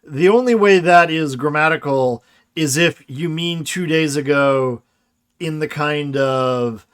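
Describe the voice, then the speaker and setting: A man's voice: a little high, takes it slowly, clean tone. A man giving a casual livestreamed grammar lecture, explaining and answering chat questions, often checking in with "right?".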